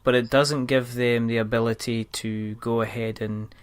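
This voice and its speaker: A man's voice: mid-range voice, flat delivery, normal speed, clean tone. A man hosting a casual podcast interview, teasing his guests and laughing often. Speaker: podcast host.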